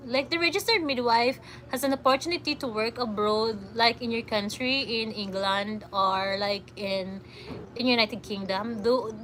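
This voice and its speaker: A woman's voice: a little high, bright, forceful tone. A woman with a Filipino accent chatting casually on a livestream, reading comments aloud and giggling often. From Philippines.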